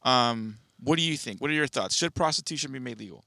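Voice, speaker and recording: Male co-host, easygoing and halting in casual chat; bright voice, dry recording. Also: medium pitch, animated, creaky, no room sound. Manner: hesitant, restarts and fillers, laid-back. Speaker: podcast co-host.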